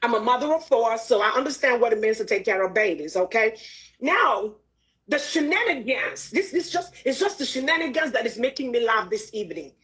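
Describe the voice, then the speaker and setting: A woman's voice: fairly high pitch, very animated, fairly quick, a bit bright. A middle-aged woman hosting a casual livestream, laughing often and exclaiming emphatically between remarks. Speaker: livestream host.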